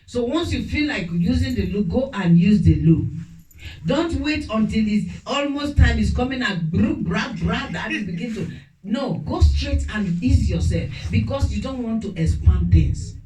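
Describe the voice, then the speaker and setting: Warm-voiced woman preaching in an echoey hall. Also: on the high side, lively intonation, normal speed. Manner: chatty storytelling preaching with frequent laughter. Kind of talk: sermon. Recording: echoey room, distant mic, faint noise.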